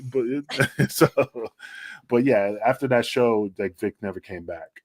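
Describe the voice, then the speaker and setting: A man's voice: medium pitch, measured pace, dry recording. Profane storytelling man, dry sound. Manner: profane, rambling, acts out quoted voices loudly. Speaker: guest, former pro wrestler. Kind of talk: casual storytelling on a podcast.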